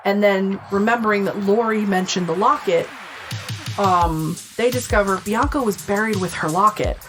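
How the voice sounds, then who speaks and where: A woman's voice: mid-range voice, moderate pace, music in the background. A woman co-hosting a podcast, casually recapping a movie and acting out the characters' lines, swearing freely. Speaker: podcast co-host. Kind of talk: casual chat, film recap.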